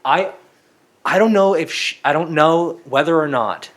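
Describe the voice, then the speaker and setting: A young man co-hosting a podcast, telling stories in a casual, animated way with swearing and quick voiced asides. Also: on the high side. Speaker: podcast co-host. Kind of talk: casual chat.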